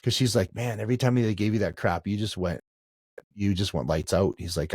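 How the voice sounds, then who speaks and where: Middle-aged male guest, low register, conversational storytelling, dry mic. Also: brisk, a little mellow, slightly rough, no echo. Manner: storytelling, frequent restarts and "like". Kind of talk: conversational interview.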